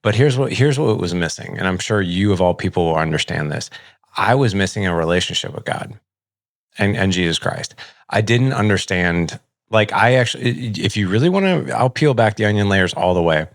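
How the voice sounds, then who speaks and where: A middle-aged podcast host shares a personal story candidly and conversationally, fairly quick, with lively intonation and a lowish, creaky voice. He uses "like" heavily and acts out what people said. Clean studio recording, no echo.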